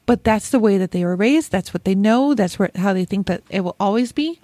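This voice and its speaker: A woman speaks as a podcast guest who runs her own business, chatty and open about her own life. Her pitch is average for a woman. The sound is dry and close, with no room echo. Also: expressive, a little fast, mellow. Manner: chatty and candid. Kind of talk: conversational podcast talk.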